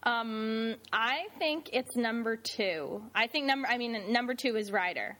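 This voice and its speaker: A woman's voice: on the high side, a little slow, pushed and bright. Teasing woman chatting casually. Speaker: podcast co-host. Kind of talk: casual chat.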